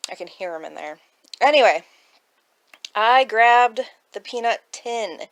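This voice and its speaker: A woman's voice: on the high side, expressive, measured pace. A woman chatting casually at home about her thrift haul, rambling and laughing often. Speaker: thrift reseller vlogger. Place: at home indoors.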